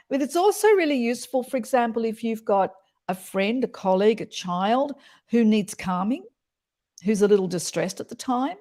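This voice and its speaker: Expressive woman voice coach, gravelly edge. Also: mid-range voice. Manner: expressive, demonstrates voice qualities while explaining. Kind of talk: explanatory interview chat.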